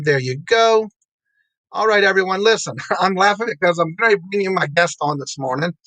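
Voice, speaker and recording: A man's voice: high voice, fairly bright tone, dry recording. A man hosting a casual live show, greeting viewers one by one and laughing often. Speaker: host.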